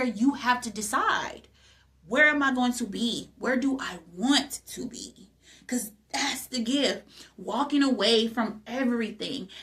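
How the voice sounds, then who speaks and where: A young adult woman who hosts her own channel gives an emphatic motivational talk on spiritual growth in a high-leaning, fairly bright voice. She repeats phrases and asks rhetorical questions.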